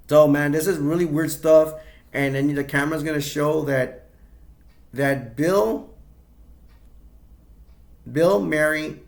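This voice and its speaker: A man's voice: fairly high pitch, creaky. A man casually recapping a horror film scene by scene, rambling with many restarts. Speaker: movie reviewer.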